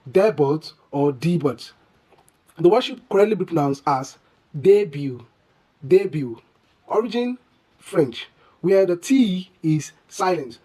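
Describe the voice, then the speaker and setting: A mid-pitched voice in a pronunciation lesson. It says each word over and over, slowly and with care. It keeps quizzing the listener on how to say things. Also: a little mellow, low-quality recording. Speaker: English pronunciation teacher.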